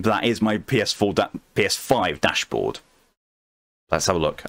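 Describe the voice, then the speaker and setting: A man streaming a game late at night, chatting calmly with his chat and answering messages in a soothing tone. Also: sits low, brisk, no echo. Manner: calm, soothing voice meant to lull viewers to sleep.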